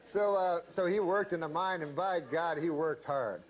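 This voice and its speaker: A man guesting on a talk show, telling a long, meandering joke in a deadpan way, full of folksy asides. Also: fairly high pitch, normal speed, poor audio. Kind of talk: rambling shaggy-dog joke telling.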